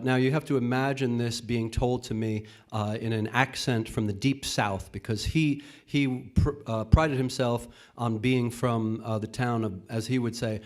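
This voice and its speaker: Halting Northeastern US man reading poetry. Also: mid-range voice, a little mellow. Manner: halting, many filler pauses. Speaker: poetry reader at an open mic. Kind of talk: casual spoken intro and poetry reading. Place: event space at a college.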